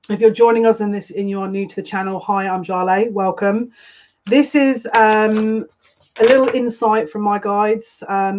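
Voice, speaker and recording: A woman hosting a casual live psychic reading stream, chatty and rambling, greeting viewers by name. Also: mid-range voice. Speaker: psychic tarot reader. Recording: dull lo-fi stream audio with faint noise.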